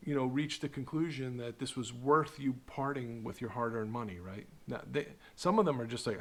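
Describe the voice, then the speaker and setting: A middle-aged man giving casual talking-head commentary, animated and sarcastic, tagging "right?" onto his points. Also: medium pitch, moderate pace, hardly any pauses. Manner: animated, sarcastic, mocks marketers in put-on voices; repeats "right?" to the viewer. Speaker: online video host.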